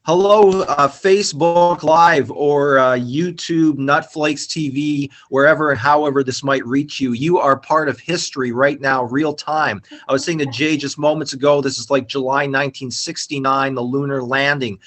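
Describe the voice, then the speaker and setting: A man's voice: mid-range voice, fairly even intonation, moderate pace, few pauses, fairly bright tone. A man hosting a live-streamed reunion chat over a video call, upbeat and talkative, with many fillers and restarts. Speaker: host.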